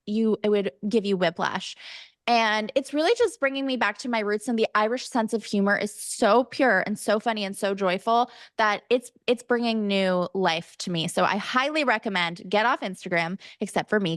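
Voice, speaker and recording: A woman's voice: mid-range voice, no echo, studio quality. Chatty oversharing woman podcaster. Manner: chatty, oversharing, animated storyteller. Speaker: podcast co-host. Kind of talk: casual chat.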